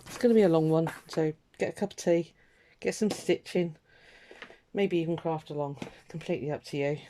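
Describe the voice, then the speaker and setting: A woman's voice: sits low, fairly quick, dark tone, a little hiss or hum. Chatty woman rambling while crafting. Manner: rambling, chatty, self-interrupting with ums. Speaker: craft vlogger. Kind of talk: casual crafting chat.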